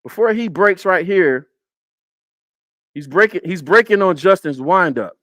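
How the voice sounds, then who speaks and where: A man's voice: high-pitched, animated, a little slow, a bit bright, no echo. Emphatic man breaking down game film. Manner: emphatic, repeats points, talks to chat. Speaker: football film breakdown host. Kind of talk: casual live-stream game analysis.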